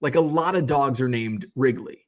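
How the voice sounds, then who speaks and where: A man in his thirties hosting a casual livestream, reading viewer comments aloud and chatting in a relaxed, rambling way, with lots of fillers and restarts, a little tired. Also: mid-range voice, moderate pace. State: yawning, tired. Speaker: card-collecting livestream host.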